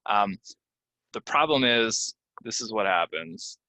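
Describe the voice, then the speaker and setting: A young man with a low but bright, forceful voice teaches English pronunciation. He talks casually, full of ums, then slows right down to model each word carefully. The sound is close and dry. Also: expressive, dry recording. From United States. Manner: slow, stressed model pronunciations with many ums. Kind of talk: casual spoken lesson to learners.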